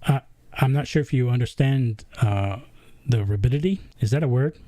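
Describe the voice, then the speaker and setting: A man's voice: medium pitch, normal speed, mellow, no echo. Chatty man hosting a live interview. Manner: chatty, reads viewer questions aloud. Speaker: podcast host. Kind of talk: casual live-stream interview.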